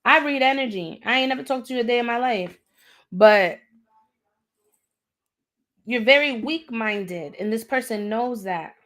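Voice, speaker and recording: A woman's voice: fairly high pitch, measured pace, long pauses, fairly bright tone. Blunt, scolding woman reading tarot. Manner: blunt, direct, scolding, slangy; repeats herself for emphasis. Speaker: tarot reader. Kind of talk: live-stream tarot reading.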